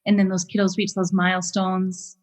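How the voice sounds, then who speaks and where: A woman hosting a podcast interview, giving brief affirmations and asking quick follow-up questions. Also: mid-range voice, monotone, a little mellow, long reverb tail, low-quality recording. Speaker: podcast host.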